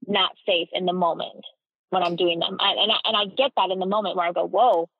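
A woman guest talking reflectively about her own behavior, often pausing to search for words, heard over a remote line. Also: lowish voice, fairly even intonation, breathy edge. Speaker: podcast guest. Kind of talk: personal conversation. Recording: tinny phone-like remote line.

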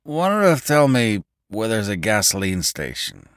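A man voicing a pale, dazed drunk who speaks calmly and vaguely, in an audiobook reading. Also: mid-range voice, slow, dry recording, studio quality, pitched above the performer's own voice. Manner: calm, vague, from a distance.

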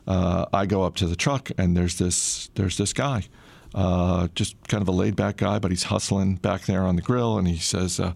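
Deep gravelly man telling a story. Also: normal speed, no echo. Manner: relaxed, conversational, frequent "uh" fillers. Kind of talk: casual personal storytelling.

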